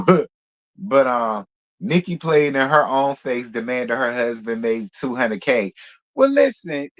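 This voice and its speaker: Male gossip host, mid-pitched, sassy and slangy, just woke up and sounds a little groggy. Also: a bit bright. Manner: sassy, greets viewers by name, slangy. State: groggy from a nap. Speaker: celebrity gossip channel host. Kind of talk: casual livestream chat.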